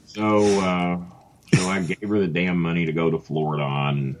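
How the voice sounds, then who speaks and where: A man telling a long comic story about himself in a casual, animated way. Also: low voice, normal speed. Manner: animated, mimics voices, laughs often. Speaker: podcast guest telling a story.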